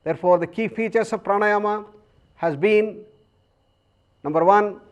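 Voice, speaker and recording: A man with an Indian English accent giving a calm, measured yoga lecture, explaining breathing practices with long pauses. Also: high voice, clean tone, highs cut off. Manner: chants Sanskrit verses slowly. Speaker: yoga teacher.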